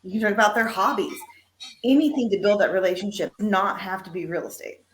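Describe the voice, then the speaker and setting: A woman's voice: mid-range voice, brisk. A woman speaking candidly and conversationally in a casual panel chat.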